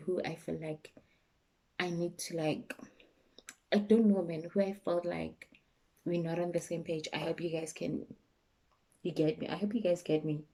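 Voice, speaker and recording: A young South African woman with a South African accent, talking candidly and emotionally to her vlog viewers, sometimes dropping to a soft, low voice. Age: young adult. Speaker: YouTuber. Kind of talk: personal vlog chat.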